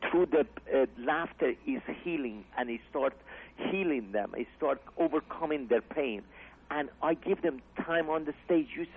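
A man's voice: fairly high pitch, breathy edge. A comedy club owner, a man, chatting earnestly on a radio interview in rambling English with broken grammar. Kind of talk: casual radio interview chat. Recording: tinny phone-like radio audio.

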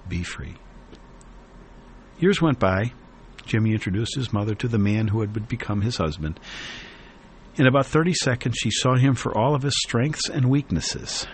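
A man hosting a radio talk show, reading a newspaper column aloud in an earnest, reflective way with many pauses and fillers. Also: mid-range voice, lively intonation, a little hiss or hum.

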